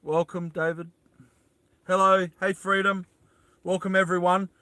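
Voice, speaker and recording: An Australian man talks casually to a live audience from inside a small van, wandering between thoughts and calling out greetings to viewers. His voice sits a little high and sounds bright and forceful. The sound is close and dry. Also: flat delivery, measured pace, smooth, no echo. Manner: rambling, greets viewers and answers chat aloud. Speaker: live streamer. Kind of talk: casual livestream chat.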